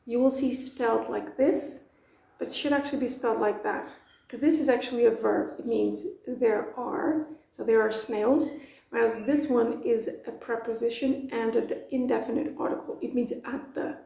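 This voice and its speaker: A Portuguese language teacher gives a casual video lesson, chatty and playful, explaining everything with plenty of examples. Her voice is fairly high, steady, and moderately paced, gravelly yet mellow. The rough recording was made in an echoey room.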